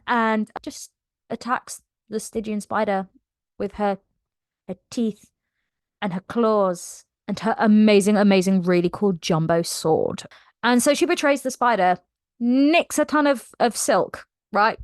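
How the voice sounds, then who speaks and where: Young woman, casual book vlogger, animated and slangy, mid pitch, dry close mic. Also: measured pace, dry recording. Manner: animated, slangy, acts out quotes with swearing.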